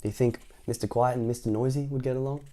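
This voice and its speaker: A man reading a picture book aloud in a playful, animated way, often asking the listener questions. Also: medium pitch, fast talker. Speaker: storytime reader.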